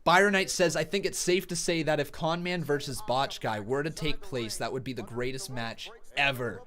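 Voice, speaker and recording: A man's voice: mid-range voice, normal speed, a bit bright. A man hosting a live wrestling watch-along stream, calling the action play-by-play, reading chat comments aloud and laughing often.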